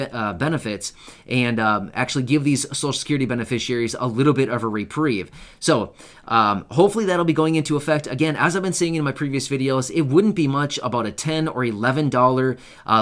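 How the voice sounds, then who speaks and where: A man talks straight to his viewers in a loose, chatty way. His pitch sits in the middle of the male range. He keeps asking "right?" and scatters fillers through his sentences as he goes. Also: a bit bright. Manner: chatty and informal, many fillers and asides, checks in with "right?". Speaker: YouTube host covering benefits news. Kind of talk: casual talk to camera.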